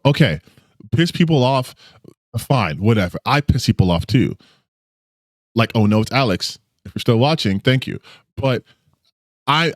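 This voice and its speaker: A man's voice: medium pitch, no room sound, clean studio sound. A man hosting a reaction video, ranting casually with profanity and disbelief. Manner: animated, profane, incredulous ranting. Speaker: reaction channel host.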